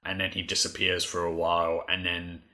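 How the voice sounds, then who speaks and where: A man with a very low voice and a bright, forceful edge co-hosts a casual podcast. He rambles through his recaps, leaning on "like" and "uh" as he goes. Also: monotone, a little fast. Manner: rambling, many "like" fillers. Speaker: podcast co-host.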